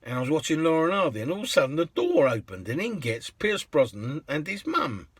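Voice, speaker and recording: A man's voice: fairly high pitch, sing-song, brisk, slightly rough, dry recording. A man, a cab driver, chatting through funny anecdotes in a rambling way and chuckling at his own stories. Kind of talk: casual anecdote storytelling.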